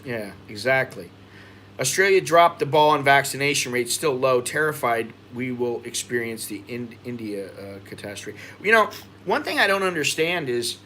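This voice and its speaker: An American man talks on a livestream, reading viewer comments and circling back over the same points with open frustration. His voice sits at an ordinary pitch with a bright, forward edge. A faint hum of background noise runs underneath. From United States. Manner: rambling, frustrated, repeats himself. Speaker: expat vlogger.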